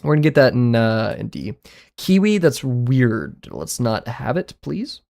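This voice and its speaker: A man streams live and talks to his viewers in a loose, casual way. His verdicts come out blunt and offhand, and he is quick to throw in a sorry. His pitch sits in an ordinary middle range. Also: sing-song, vocal fry, a little mellow. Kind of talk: casual livestream chatter.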